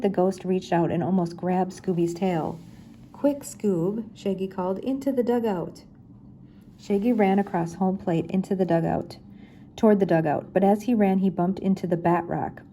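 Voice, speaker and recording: A woman's voice: on the low side, warm tone, slight background noise. Older woman reading a children's story. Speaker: reader. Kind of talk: reading aloud a children's chapter book.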